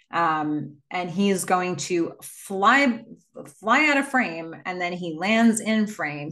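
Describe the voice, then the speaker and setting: A woman's voice: on the low side, fairly bright tone. A woman hosting a casual movie recap and telling the plot in a chatty way, with many fillers. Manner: chatty, filler-heavy storytelling.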